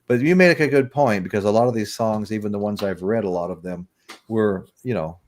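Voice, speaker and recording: A man's voice: fairly low pitch, brisk, a little mellow. A man in his sixties from the United States, hosting a casual livestream chat and telling rambling stories with chuckles. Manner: rambling storyteller, chuckling, greets chat viewers. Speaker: livestream podcast host.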